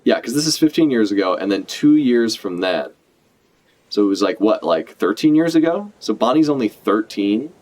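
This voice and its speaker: A man's voice: fairly low pitch, normal speed. A man streaming a live reaction to a comic, talking casually and animatedly, swearing freely as he follows the story. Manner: animated, swears casually, talks over the panels.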